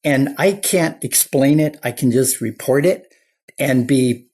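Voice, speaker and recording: A man's voice: medium pitch, measured pace, darkish tone, slightly rough. An older man, a clinical psychologist, telling stories earnestly as a guest in an interview. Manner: earnest anecdotal storyteller. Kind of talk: storytelling interview talk.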